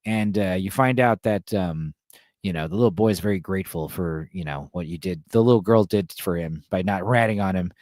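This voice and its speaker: A man's voice: deep voice, a little fast, a little mellow, no echo, clean studio sound. A man hosting a podcast, recapping a film in a loose, rambling way, full of fillers and the odd swear. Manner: rambling, full of uh and you know; loose, mildly profane. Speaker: podcast host.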